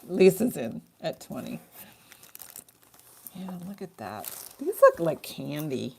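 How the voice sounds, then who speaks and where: A middle-aged woman runs a live online jewelry auction in loose, rambling chat, laughing often. Her voice sits low with a gravelly fry. She talks like she is chatting with regulars. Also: wildly swooping pitch, slow, darkish tone. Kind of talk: casual live-stream selling.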